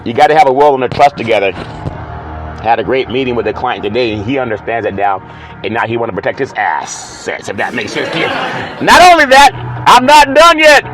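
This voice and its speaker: A man hosting a sports talk show, chatting playfully and reading a live ad with bursts of loud excited exclamations. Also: on the low side, fast, music in the background, poor audio. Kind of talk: casual talk show monologue with live ad read.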